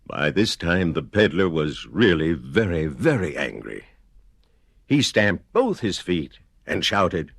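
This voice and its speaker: Male storyteller, low voice, very slow, dry studio sound. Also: no room sound. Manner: slow, sing-song, very expressive reading. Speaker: radio theater storyteller. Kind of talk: reading a children's story aloud.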